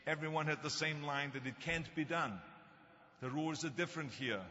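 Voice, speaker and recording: A man in his sixties with a German accent delivers a commencement speech full of jokes and anecdotes, stressing his points firmly. His voice is bright and sits somewhat high for a man. It echoes through a long reverberant hall on slightly dull, lo-fi sound. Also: moderate pace. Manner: anecdotal, joking, emphatic. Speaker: commencement speaker.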